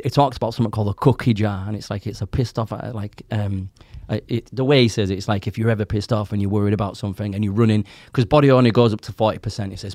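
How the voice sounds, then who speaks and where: A man in his forties, a podcast guest telling his story in casual, animated chat, quoting people and swearing as he goes. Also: lowish voice, dry recording, clean studio sound. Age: 40s.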